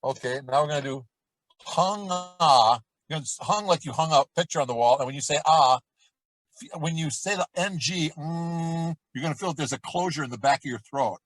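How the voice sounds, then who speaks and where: A middle-aged man coaching a vocal warm-up lesson, talking in a relaxed, chatty way between loud sung demonstrations. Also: on the high side, fast talker, no echo, low-quality recording. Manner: demonstrates exercises with loud sung shouts and quacks.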